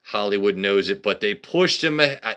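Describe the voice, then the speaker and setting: A man's voice: fairly low pitch, expressive, normal speed, a bit bright. A man hosting a casual comedy livestream, rambling and riffing with stammered restarts. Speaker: livestream host.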